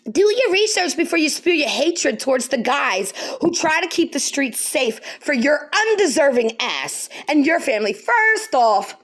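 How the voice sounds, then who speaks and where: A woman vlogger rants straight to camera in a high voice that swings widely up and down. She is heated and profane, hammering her points home by repeating them. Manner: heated, profane, emphatic, repeats lines for stress. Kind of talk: angry direct-to-camera rant.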